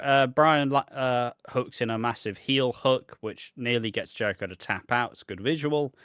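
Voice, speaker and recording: A man's voice: mid-range voice, fairly bright tone, smooth, no room sound, studio quality. A man co-hosting a podcast, reviewing wrestling in casual, sweary chat that rambles and breaks into laughs. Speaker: podcast co-host.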